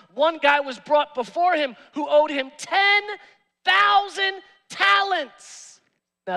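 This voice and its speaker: A man, the pastor, preaching a sermon in an animated, joking way with streetwise slang. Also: very high-pitched. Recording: long reverb in a church hall.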